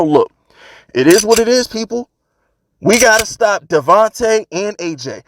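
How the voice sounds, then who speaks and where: A man talks straight to his viewers in a loose, slangy fan rant, circling back to hammer the same points again and again. His voice sits a bit high for a man. The sound is dry and close, with no room around it. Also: no echo. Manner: emphatic, ranting, slangy, repeats himself. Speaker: sports video host. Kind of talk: casual fan rant to camera.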